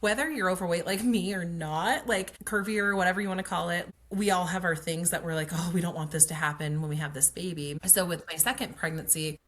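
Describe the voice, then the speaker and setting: A woman with a lowish, slightly bright voice talks fairly fast with hardly a pause. She's a guest and a pelvic floor occupational therapist, telling her pregnancy story in a chatty, casual way, full of "like" and acted-out dialogue.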